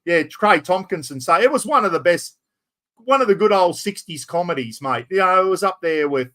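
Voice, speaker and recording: A middle-aged man with an Australian accent chats on a live stream, telling loose stories. He drops "mate" and mild swearing throughout. His voice sits a little high for a man. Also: expressive, brisk, sharp tone. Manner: rambling, storytelling, sprinkles "mate" and mild swearing. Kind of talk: casual chat.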